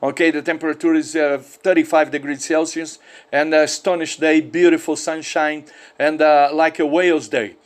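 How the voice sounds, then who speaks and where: A man's voice: fairly high pitch, flat delivery, moderate pace. A Brazilian man with a Brazilian Portuguese accent, a ham radio operator chatting and spelling call signs in friendly, repetitive English. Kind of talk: amateur radio contact over satellite.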